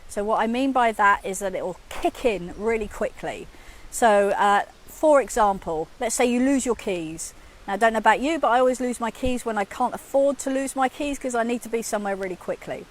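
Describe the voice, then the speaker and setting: A woman's voice: fairly high pitch, a little fast. Chatty woman in her fifties. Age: 50s. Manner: chatty, acts out her own inner voice. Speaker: communication coach. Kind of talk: casual talk to camera.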